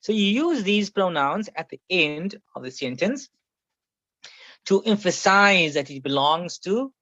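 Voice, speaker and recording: A man's voice: sits high, expressive, measured pace, bright, forceful tone, no echo. A man teaching a classroom Arabic grammar lesson, patiently explaining and repeating each example several times. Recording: muffled, slightly lo-fi sound.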